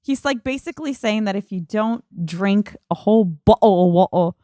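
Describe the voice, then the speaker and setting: A woman co-hosting a podcast, chatting casually in an animated way with quick asides. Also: medium pitch, no echo, clean studio sound. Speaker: podcast co-host. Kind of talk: casual comedic chat.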